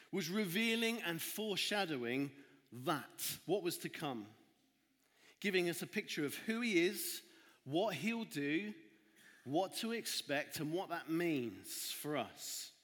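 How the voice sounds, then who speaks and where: A man's voice: on the high side, fairly bright tone. A man giving a church children's talk, reading a Bible story and retelling it with dramatic asides. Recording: echoey hall.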